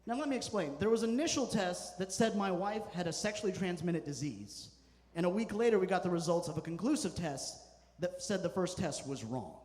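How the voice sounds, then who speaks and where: A male stand-up comedian tells stories in a deadpan way, hitting his punchlines hard. His voice sits a little high. The handheld mic picks him up in a club with a long, ringing reverb. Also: fairly quick. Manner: deadpan storytelling with punchy asides.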